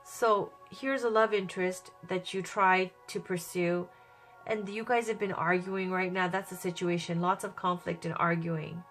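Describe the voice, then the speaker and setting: A woman with a cold and a hoarse voice, giving a chatty, upbeat tarot reading. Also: fairly low pitch, fairly even intonation, moderate pace, a bit bright, soft background music. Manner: chatty, upbeat, thinks aloud. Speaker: tarot reader.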